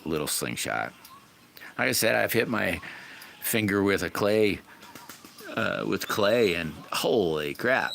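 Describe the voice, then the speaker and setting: With a low, expressive voice, some vocal fry, and a measured pace, a man hosts a livestream and pauses often. He rambles folksily and greets people in chat by name. The recording has loud background noise.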